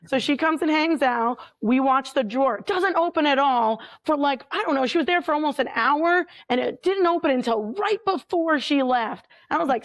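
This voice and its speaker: A woman telling a story in a chatty, animated way as a paranormal investigator guest, full of filler words. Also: sits high, fairly quick, hardly any pauses. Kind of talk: casual storytelling.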